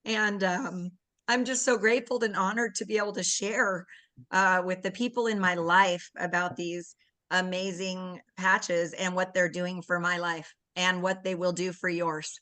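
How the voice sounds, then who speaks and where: A woman's voice: lowish voice, steady tone, moderate pace, a bit bright. A woman sharing an earnest, emotional personal testimonial on a video call. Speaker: guest giving a testimonial.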